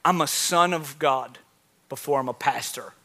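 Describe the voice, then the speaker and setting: A male pastor in his thirties preaching a sermon to a church congregation, telling stories with big swings from quiet to loud. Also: medium pitch, normal speed. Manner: animated storytelling, swings from soft to loud. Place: church with live audience.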